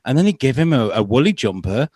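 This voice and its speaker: This co-host's mid-range male voice is fast with a breathy edge, captured at studio quality without room sound. During casual podcast chat he tells stories animatedly, dramatizing the quotes.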